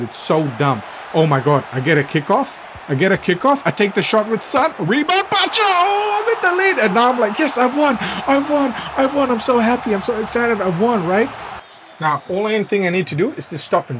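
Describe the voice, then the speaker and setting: Gaming YouTuber, male, slightly higher voice, animated gameplay commentary, faint hiss behind. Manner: animated, swings to excited shouting at big plays.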